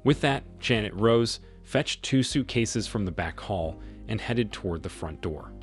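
A man narrating a scripted first-person story in a measured, reflective way. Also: lowish voice, animated, soft background music.

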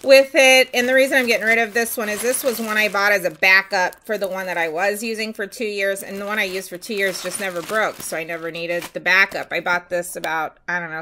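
A nail artist who sells supplies rambles candidly in a casual home vlog, showing off her nail products with lots of fillers. Her fairly low voice sounds pushed and bright, and the low-quality recording has a little hiss or hum.

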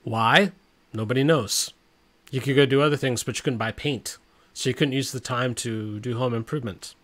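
A middle-aged man who hosts a commentary channel talks about the news from his home, blunt and exasperated, reading quotes aloud. His voice sits in the mid range, a bit bright, at a moderate pace.

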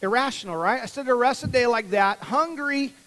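High-voiced animated pastor telling a story. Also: male voice, brisk, in a large hall, rough recording. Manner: animated, acts out childhood voices. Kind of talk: storytelling sermon. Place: church sanctuary.

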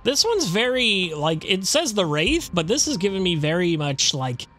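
A man's voice: high voice, sing-song, moderate pace, fairly bright tone, faint music behind. A young man playing a horror game, commenting casually and bluntly, swearing and joking back at the narrator. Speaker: let's-play host.

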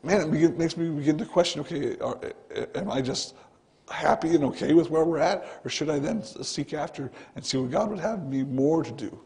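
Male pastor, earnest conversational sermon, mellow gravelly tone. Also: a little high, a little fast. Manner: earnest, conversational preaching, often starting with "listen". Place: church sanctuary.

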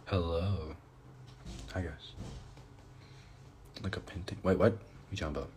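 A man with a deep, low-pitched voice chats casually on a livestream. He reads fan comments aloud and thanks viewers, sounding tired and yawning now and then. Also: fairly even intonation, unhurried, darkish tone, slight background noise. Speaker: livestream host.

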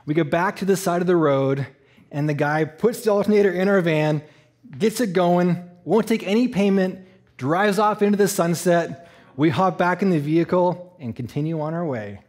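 A man from Eastern Canada telling a personal story in a sermon, animated and laughing, acting out the voices. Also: high voice, normal speed. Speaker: church speaker.

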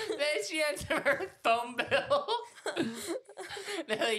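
A woman's voice: high voice, drawn-out words, background noise. A woman co-hosting a podcast in casual chat, teasing and laughing through her stories. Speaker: podcast co-host.

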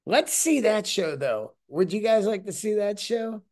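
A man hosts his own podcast in a loose, rambling monologue, swearing freely and slipping into the voices of the people in his stories. His voice sits a little higher than most men's. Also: expressive, measured pace, a little mellow. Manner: rambling, profane, acts out quoted people. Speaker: podcast host. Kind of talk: casual monologue.

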